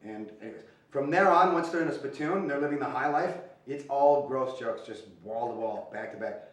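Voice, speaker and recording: A man's voice: medium pitch, normal speed, slight background noise. A male host with a mid-range voice gives an upbeat, informal introduction, speaking directly to his fans. The room is very reverberant and the mic sits well back. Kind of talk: casual introduction to camera. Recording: roomy, distant mic.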